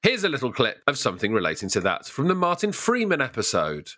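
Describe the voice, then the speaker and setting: A man's voice: medium pitch, wildly swooping pitch, fast, pushed and bright, a little hiss or hum. A man hosting a podcast, linking segments in a wry, teasing way. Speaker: podcast host. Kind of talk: casual chat and show links.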